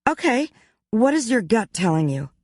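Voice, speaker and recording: Carly is a forthright young woman voiced by the narrator who speaks fiercely and pushes with questions. Her voice is pitched up and recorded close and dry. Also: very animated, moderate pace, no room sound. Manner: fierce, probing.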